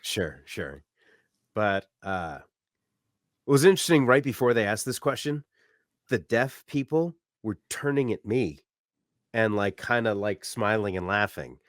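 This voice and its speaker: Lively low-voiced man telling stories. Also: a little slow, no echo, clean studio sound. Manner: loud, animated storyteller who acts out shouts. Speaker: podcast co-host. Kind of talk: casual storytelling chat. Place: apartment room.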